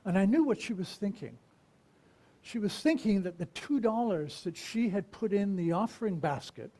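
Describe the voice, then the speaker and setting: A minister giving a conversational sermon, asking the congregation questions and pausing to reflect. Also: mid-range voice, a little mellow. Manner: unhurried and reflective, with pauses.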